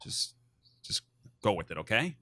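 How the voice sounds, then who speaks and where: A man's voice: on the low side, sing-song, moderate pace, sharp tone, no room sound, clean studio sound. A man hosting a stream, explaining race rules in a loose, rambling way full of fillers. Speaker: host of a speedrun race stream. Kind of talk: casual chat, explaining rules.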